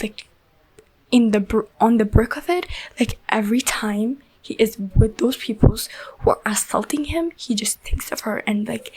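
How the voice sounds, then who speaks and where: A woman's voice: on the high side, slightly rough, rough recording. A woman giving a casual, rambling spoiler review of a book, full of "like" and "you know", emotionally invested and often dropping into a half-whisper.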